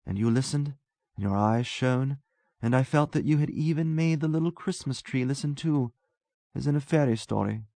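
A man's voice: mid-range voice, normal speed, gravelly, warm tone, dry recording, voice pushed up, natural voice. A man reading a story aloud, voicing a talkative, self-absorbed young man who muses earnestly.

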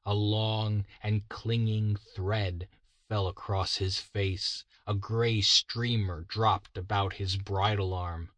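Guy reading a story real slow, bright voice, dry close mic. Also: lowish voice, no room sound. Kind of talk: scripted narration.

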